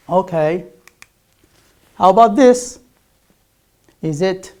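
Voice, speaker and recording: An English teacher gives a recorded distance-learning lecture. The teacher speaks slowly through a gravelly, creaky voice. Each word is repeated several times and stressed loudly, as in a pronunciation drill. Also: medium pitch, expressive. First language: Arabic. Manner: drills words by repeating them with loud emphasis.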